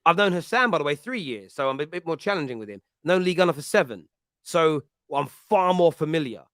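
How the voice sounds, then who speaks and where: A man with an East London accent, hosting a fan podcast and answering chat comments in an animated, chatty way, laughing often and restarting his sentences. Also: fairly high pitch, brisk, no room sound, clean studio sound. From East London, England. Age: adult with a school-age child.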